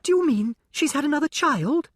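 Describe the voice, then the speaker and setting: Guy doing a posh little girl, high and breathless, all gushy, dry close sound. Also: expressive, normal speed, dry recording. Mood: eager. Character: sheltered, excitable upper-class young girl.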